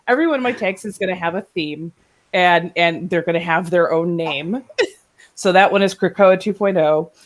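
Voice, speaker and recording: Chatty woman telling a story animatedly. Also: medium pitch. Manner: animated storyteller, acts out voices, laughs often. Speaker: podcast co-host. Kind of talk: casual chat.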